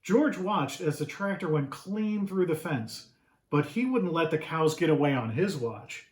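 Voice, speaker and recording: A man reading his picture book aloud to children, animated and often asking the listeners questions. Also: on the high side, unhurried. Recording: roomy echo.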